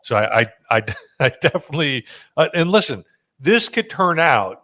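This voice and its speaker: A man's voice: on the high side, big pitch swings, moderate pace, sharp tone. A man hosting a podcast, talking loosely and joking, with frequent fillers and restarts. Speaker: podcast host. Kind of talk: casual podcast chat.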